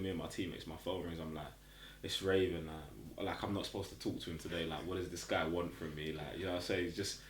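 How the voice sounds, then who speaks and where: A man, co-hosting a podcast and telling a story in casual chat, acting out voices as he goes. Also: deep voice. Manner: animated, acts out voices when retelling. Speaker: podcast co-host. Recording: echoey room.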